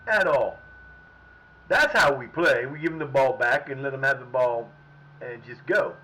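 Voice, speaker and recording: A man's voice: medium pitch, animated, moderate pace, bright, forceful tone, slight background noise, low-quality recording. A man streaming a football management game, talking at his players, often frustrated and swearing. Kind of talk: live gameplay commentary.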